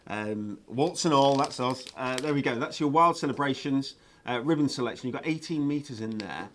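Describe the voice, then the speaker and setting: A man's voice: medium pitch, normal speed, a bit bright, slight background noise. A man presenting craft products on a live shopping show, chatty and enthusiastic, with lots of ums and uhs.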